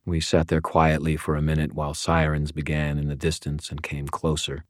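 Brief: deep male narrator, steady and wry, dry close studio sound. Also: moderate pace, hardly any pauses, no room sound. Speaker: audiobook narrator. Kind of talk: first-person audiobook narration.

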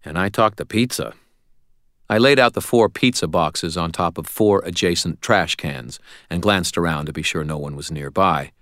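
A man's voice: sits low, moderate pace, hardly any pauses, a bit bright, no echo. A man reading a first-person audiobook narration in a wry, dry storytelling manner.

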